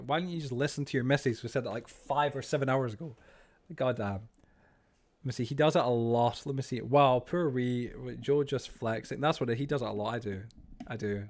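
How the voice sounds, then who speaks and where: A man chatting loosely on a game stream, his voice sitting at an everyday middle pitch. He wanders from thought to thought, trips over his words and swears as he goes, and he often makes himself the butt of the joke. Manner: rambling, sweary, self-mocking, stammers. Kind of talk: casual chat while gaming.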